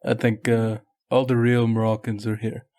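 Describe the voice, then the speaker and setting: A young man co-hosting a podcast, talking in a relaxed, agreeable way with casual swearing. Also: medium pitch, moderate pace. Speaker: podcast co-host. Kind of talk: casual chat.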